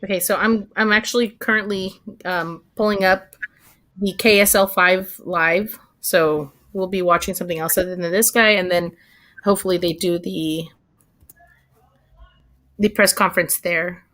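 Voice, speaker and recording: A woman's voice: lowish voice, steady tone, moderate pace, a bit bright. A woman co-hosting a livestream in casual chat, talking chattily with hesitant restarts. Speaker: livestream co-host.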